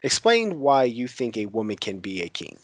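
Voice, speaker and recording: A man's voice: mid-range voice, very animated, no echo. A man voicing a brash, mocking older pirate uncle while retelling a TV scene. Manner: taunting, crude, unhurried.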